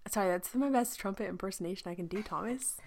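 A woman's voice: mid-range voice, fast, slight background noise. A young woman hosting a podcast in casual chat, chatty and laughing often, slipping into playful sound effects. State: pregnant. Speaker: podcast host.

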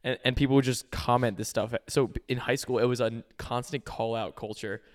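A man's voice: medium pitch, fairly even intonation, fairly quick. A young man co-hosting a podcast in casual chat, rambling with fillers and restarts. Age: young adult. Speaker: podcast co-host.

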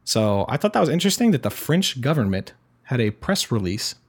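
A man's voice: medium pitch, sing-song, a little fast, husky. A man hosting a casual chat, rambling with many fillers and restarts as he reacts to clips. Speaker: podcast host reacting to clips.

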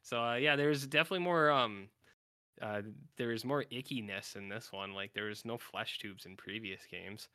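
Man, podcast co-host, from Canada, rambling, filler-heavy, lowish voice, dry close sound. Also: normal speed, sharp tone, dry recording. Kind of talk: casual chat.

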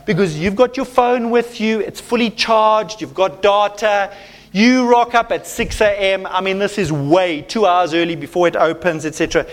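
Pastor, male, high-pitched voice, lively preaching that keeps checking in with the congregation. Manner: animated preaching, checking in with "okay?". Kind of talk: sermon.

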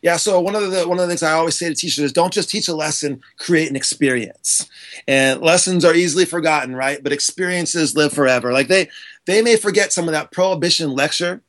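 A man speaks with fierce conviction, leaning hard on his key points. His voice sits a little high for a man. He gestures as he talks, and it carries into his delivery. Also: quick pace, fairly bright tone. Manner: passionate, emphatic, gesturing while talking. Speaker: guest, author and speaker on teaching. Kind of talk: animated podcast conversation.

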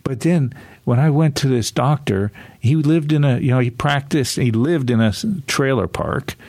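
A man's voice: medium pitch, normal speed, darkish tone, dry recording. A man in his sixties, an author telling a casual, rambling story with frequent chuckles and restarts. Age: 60s. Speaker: author and guest speaker.

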